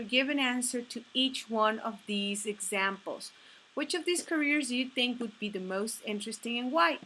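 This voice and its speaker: A woman's voice: fairly high pitch, sharp tone, slight background noise, poor audio. A woman teaching an English class, explaining each step and encouraging her students, often starting with "okay". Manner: encouraging, repeats "okay" between steps. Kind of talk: classroom instruction.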